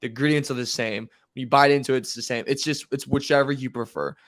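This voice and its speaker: A man's voice: mid-range voice, fairly even intonation, fast, a bit bright. Laid-back man chatting about football. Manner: laid-back, uses everyday comparisons. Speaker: podcast co-host. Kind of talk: casual sports talk.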